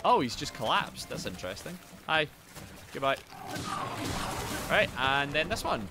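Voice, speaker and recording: An excitable man rambles through casual gameplay chatter, his voice swinging widely up and down. He swears freely and jumps from calm musing to sudden yells, with music playing behind him. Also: on the high side, a little slow. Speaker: gaming streamer.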